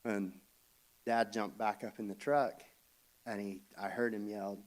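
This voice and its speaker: A man telling a family story at a funeral service, speaking haltingly with frequent restarts and soft chuckles. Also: fairly low pitch, flat delivery. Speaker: family member giving a eulogy.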